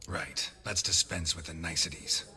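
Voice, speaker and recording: An actor voicing a gruff male monster hunter in a video game who talks in a curt, deadpan way. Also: a bass voice, moderate pace, heavily acted.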